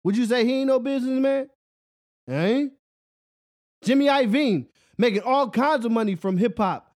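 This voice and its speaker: High-voiced man ranting casually. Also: moderate pace. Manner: rambling, animated, repeats "you know what I'm saying"; laughs at his own jokes. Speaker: podcast host. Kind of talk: solo casual rant.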